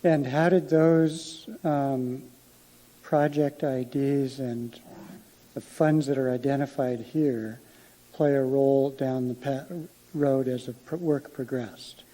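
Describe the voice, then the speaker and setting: A man with a mellow, darker tone questions a witness at a formal hearing. He works through his points methodically and sometimes halts mid-sentence to rephrase. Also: mid-range voice, fairly even intonation, poor audio. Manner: methodical questioning, slightly halting. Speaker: attorney. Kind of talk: courtroom examination. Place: hearing room.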